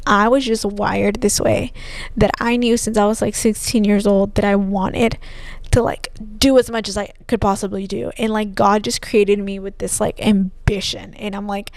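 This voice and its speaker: A woman's voice: mid-range voice, clean tone, no room sound. A young woman hosting a podcast, talking candidly and emotionally about her own life, full of "like" and restarts, recorded close on a podcast mic. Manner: emotional, heavy use of "like", trailing restarts. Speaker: podcast host. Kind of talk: candid personal monologue.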